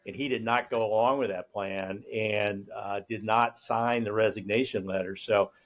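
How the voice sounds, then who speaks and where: A middle-aged man hosting a casual interview, telling lively anecdotes. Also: on the low side, normal speed. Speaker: host. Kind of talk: casual chat.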